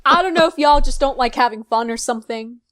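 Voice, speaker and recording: A woman co-hosting a podcast in casual chat, playful and quick to laugh. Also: high-pitched, a bit bright, a little hiss or hum. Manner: laughs a lot, playful teasing. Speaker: podcast co-host.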